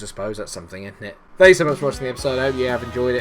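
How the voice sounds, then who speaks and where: A man's voice: expressive, racing, hardly any pauses, music in the background. Chatty man commentating a game. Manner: chatty and self-mocking, swinging between low mutters and loud exasperated outbursts. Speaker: gaming YouTuber. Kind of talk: casual gameplay commentary.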